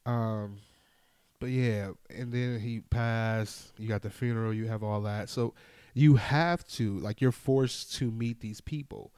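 A man's voice: fairly low pitch, a little slow, smooth, no echo. A young man, hosting a podcast and telling a candid personal story in a casual monologue. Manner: candid, storytelling with animated acted-out quotes and swearing. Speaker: podcast host.

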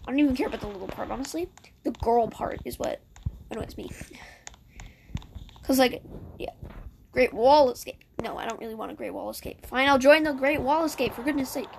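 A woman's voice: sits high, a little fast, vocal fry, pauses often, darkish tone, a little hiss or hum. A woman giving casual gameplay commentary in a chatty, sarcastic way with muttered asides. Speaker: gameplay streamer.

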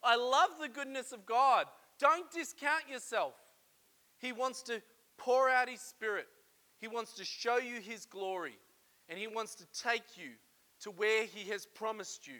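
An emotional pastor preaching a sermon in church, moving from hushed, confiding talk to loud, fervent calls. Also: male voice, very high-pitched, lively intonation, unhurried. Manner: emotional, swings from hushed to shouting.

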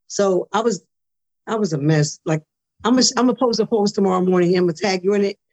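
A woman guest on a podcast, telling her story in a casual, animated way, acting out conversations and repeating words when excited. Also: medium pitch, quick pace.

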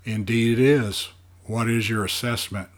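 A man voicing a powerful, cold sorcerer father in an audiobook, measured and formal. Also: medium pitch, steady tone, natural voice. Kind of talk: audiobook character voice.

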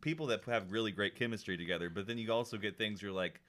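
A man's voice: fairly low pitch, fast, fairly bright tone. A man co-hosting a podcast, jokey and teasing, laughing often. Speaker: podcast co-host. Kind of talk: casual podcast chat.

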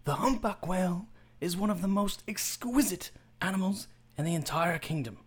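Man doing an elderly nature-documentary narrator, raised pitch, hushed and reverent, lingering on dramatic pauses. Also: expressive, breathy edge. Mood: awed.

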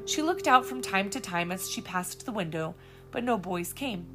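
A woman's voice: mid-range voice, moderate pace, over music. A woman expressively reading a children's storybook aloud as the storyteller. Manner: expressive, lively.

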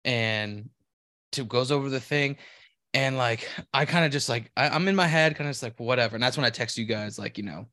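A man's voice: mid-range voice, brisk, bright, forceful tone, dry recording. A man in a mid-range voice winding through a long anecdote, swearing freely and poking fun at himself. His voice is close and dry on a podcast microphone, and he talks with loose, easy pacing. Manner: rambling storyteller, profane and self-deprecating. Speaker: podcast co-host. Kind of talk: casual chat.

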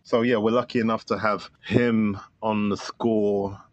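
Man, deep low voice, dry sound, chatty interview guest, excited and loose with fillers. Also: measured pace, no echo, dull audio. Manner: enthusiastic, rambling with many fillers. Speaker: filmmaker guest. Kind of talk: casual podcast interview.

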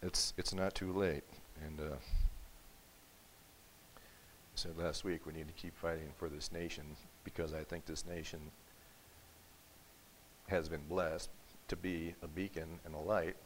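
A man preaching a sermon in church, telling a story with acted quotes and building to forceful emphasis. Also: very deep voice, flat delivery, measured pace, pauses often, low-quality recording. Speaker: pastor. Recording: faint hiss.

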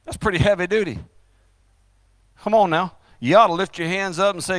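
Man, preaching, high pitch, bright tense tone, dry close sound. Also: dry recording. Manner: emphatic, rising and dropping loudness, drawn-out stresses. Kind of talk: fiery sermon.

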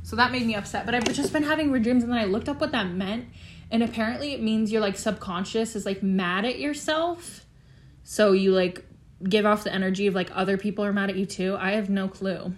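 A woman's voice: medium pitch, brisk. A teenage girl hosting a casual solo chat, talking freely with lots of fillers and frequent swearing. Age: teens. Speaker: podcast host.

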